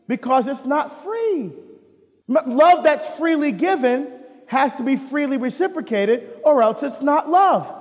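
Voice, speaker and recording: Lively high-voiced preaching deacon. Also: male voice, long reverb tail. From United States. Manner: lively preaching with rhetorical questions. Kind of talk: sermon.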